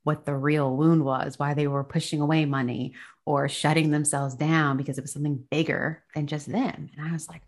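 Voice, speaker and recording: A low-pitched woman speaks as a podcast guest and life coach. Her talk flows on earnestly, with easy laughter between thoughts. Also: flat delivery, normal speed. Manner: flowing, earnest, laughs easily. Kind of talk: casual podcast interview.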